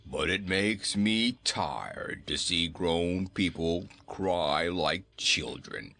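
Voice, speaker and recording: A man's voice: sits low, expressive, very slow, vocal fry, sharp tone, pitched below the performer's own voice, full character voice. A man doing a surly talking goat. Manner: surly, weary.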